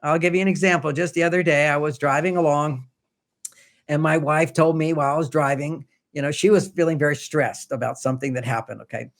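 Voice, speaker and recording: A man's voice: fairly high pitch, fairly even intonation, brisk, gravelly. An older man, a relationship author who is a podcast guest, tells stories in a conversational way and acts out the lines of the people in them. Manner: anecdotal, acts out quoted dialogue. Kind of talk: conversational storytelling.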